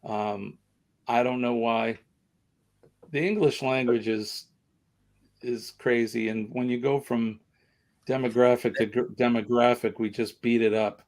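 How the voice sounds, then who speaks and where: A man's voice: mid-range voice, steady tone, measured pace, pauses often, darkish tone. A middle-aged man with a Boston accent, hosting a casual live chat in a rambling, self-deprecating way. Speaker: livestream host.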